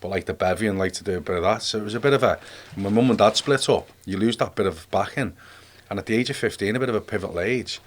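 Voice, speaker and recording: A man's voice: fairly low pitch, fast talker. A man in his forties with a Liverpool accent, a podcast guest rambling through his life story in casual chat, full of "mate" and "you know what I mean". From Liverpool, England.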